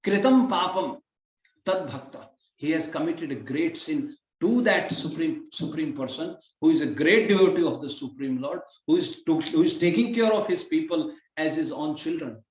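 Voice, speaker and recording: A man giving a devotional scripture class, explaining Sanskrit verses phrase by phrase in a lively storytelling way. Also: fairly high pitch, normal speed. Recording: roomy, slightly dull hall recording.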